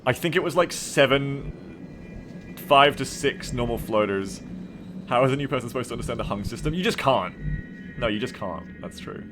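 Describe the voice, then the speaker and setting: Excitable swearing game streamer. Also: male voice, mid-range voice, normal speed, over music. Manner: excitable, rambling, swears freely. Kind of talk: casual gaming livestream commentary.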